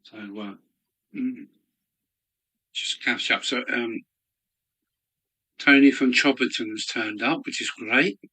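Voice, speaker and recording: A man's voice: mid-range voice, slow, pauses often, sharp tone. A man hosting a casual live stream from his hobby room, chatting and greeting viewers by name while snacking. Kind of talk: casual chat while eating.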